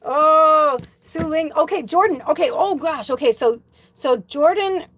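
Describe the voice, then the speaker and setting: A woman's voice: high voice, measured pace, fairly bright tone. Chatty woman medium rambling on a livestream. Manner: chatty storyteller, acts out quoted dialogue; loose and rambling, swears casually. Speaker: spiritual medium hosting a livestream. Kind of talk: casual livestream monologue, reading viewer comments.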